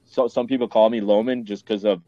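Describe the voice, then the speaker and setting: A man's voice: fairly low pitch, steady tone, a little fast, no room sound, dull audio. A man with a Canadian accent, a podcast guest telling his story bluntly and candidly, swearing freely and restarting often.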